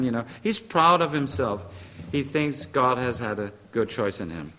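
A man's voice: mid-range voice, expressive, moderate pace, bright, forceful tone, big-room sound. A man preaching a sermon, emphatic and repeating short phrases, now and then searching for the right English word.

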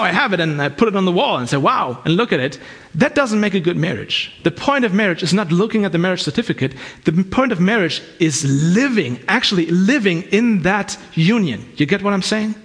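A man with a fairly high, husky voice delivers a sermon. He talks earnestly and conversationally, often backing up to restart a phrase as he goes. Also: a bit bright. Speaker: preacher.

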